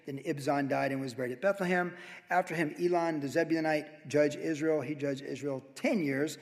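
Animated male pastor in a reverberant hall. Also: fairly high pitch, brisk. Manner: animated, conversational teaching with sudden loud emphasis. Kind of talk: verse-by-verse sermon.

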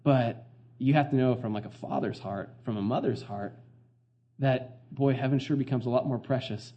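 A man's voice: medium pitch, moderate pace, muffled recording. A middle-aged man preaching a sermon as pastor, earnest and conversational, full of fillers and restarts.

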